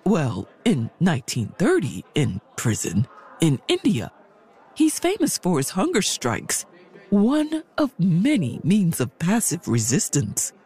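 A woman playing a brisk, eccentric aunt who sneaks up on the kids, with a husky, matter-of-fact, wry delivery in an audio drama. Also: lowish voice, huge pitch swings, a little mellow, exaggerated voice.

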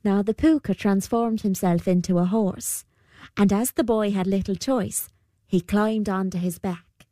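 A woman narrating a folktale in a measured storybook manner. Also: mid-range voice, dark tone, dry recording, clean studio sound.

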